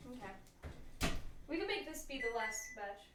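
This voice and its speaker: A woman's voice: fairly high pitch, very animated, measured pace, reverberant, heavy background noise. A woman chatting casually with her stream while baking in a home kitchen, giggly and talkative. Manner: chatty, giggly, talks to chat.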